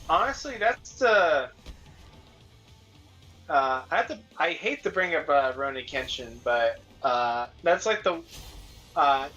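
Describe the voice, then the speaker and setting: A man's voice: a little high, sharp tone. A man co-hosting a casual chat, rambling with many fillers and laughing often. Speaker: podcast co-host. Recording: dull lo-fi sound.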